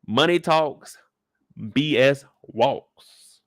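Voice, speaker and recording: A man's voice: mid-range voice, very slow, no room sound, studio quality. A man hosting a casual live recap of a TV episode, talking in a laid-back, slangy way with joking asides. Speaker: show recap host.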